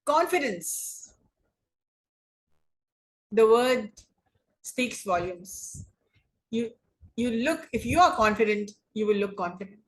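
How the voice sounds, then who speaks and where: Slow, deliberate female English lecturer. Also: on the high side, expressive, poor audio. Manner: slow, deliberate, repeats and rephrases points. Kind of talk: online class lecture on debating.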